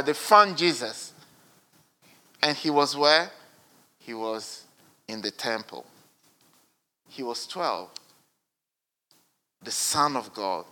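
Bright-toned man preaching a sermon. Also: fairly high pitch. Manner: earnest, swings between hushed and emphatic.

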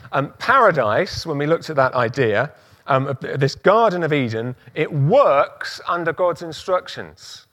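A man's voice: on the high side, fairly bright tone. A man preaching a sermon, using emphatic repetition and rhetorical questions.

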